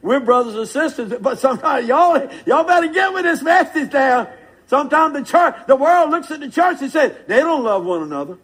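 A man's voice: very high-pitched, moderate pace, fairly bright tone, low-quality recording. An older man preaching a sermon in a fervent, folksy way, calling out to the congregation.

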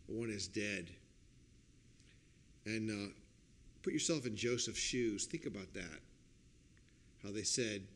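A man preaching a sermon as a pastor, explaining a passage and checking in with listeners with "okay?" and "right?", and breaking into loud acted-out quotes. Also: on the low side. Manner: acts out quoted lines with sudden loud outbursts.

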